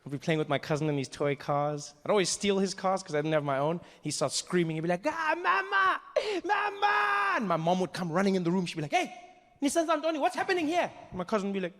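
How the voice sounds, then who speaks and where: A man from South Africa doing a lively stand-up comedy set in a live venue, breaking into voices of other people. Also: a little high, rapid-fire, hardly any pauses. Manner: animated, jumps into voices of others. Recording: echoey hall, faint background.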